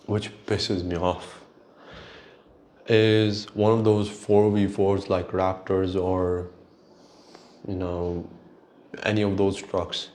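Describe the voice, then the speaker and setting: A man's voice: sits low, a little mellow. A man hosting his own solo show, ranting in an exasperated, profane way. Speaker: podcast host. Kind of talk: solo rant.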